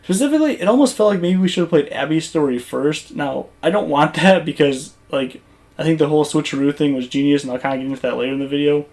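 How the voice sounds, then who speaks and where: A gaming YouTuber talking casually over gameplay footage, rambling and conversational with lots of fillers and restarts. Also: male voice, on the high side, quick pace, a little mellow.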